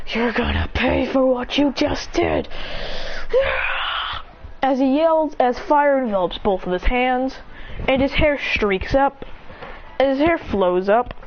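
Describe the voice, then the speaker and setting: High-voiced woman telling an improvised story. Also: highs cut off, slight background noise. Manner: breathless run-on telling with many restarts.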